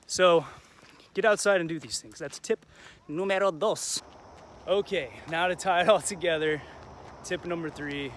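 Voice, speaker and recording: A man's voice: high-pitched, moderate pace, fairly bright tone, slight background noise. A young man hosting a casual motivational vlog outdoors while walking through a neighborhood, upbeat and encouraging, tossing in Spanish phrases. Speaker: vlog host.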